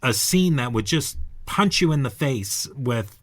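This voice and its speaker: Man, podcast host, middle pitch, reflective, casual discussion. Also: expressive, a little slow. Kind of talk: conversational discussion.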